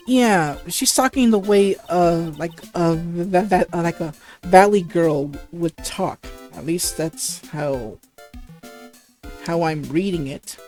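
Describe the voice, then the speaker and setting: A woman's voice: lowish voice, slow pace, darkish tone, soft background music. Hesitant woman commenting on a game. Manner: hesitant, fillers and restarts. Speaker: let's play host.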